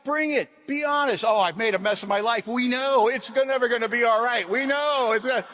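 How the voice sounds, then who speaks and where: Middle-aged man, fairly high voice, recovery talk to a crowd, wry self-mocking humor, punchy one-liners. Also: fairly quick, slight background noise. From Washington, USA. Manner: emphatic, swings from loud jokes to quiet earnestness. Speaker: AA convention speaker. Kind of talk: recovery talk to a large audience.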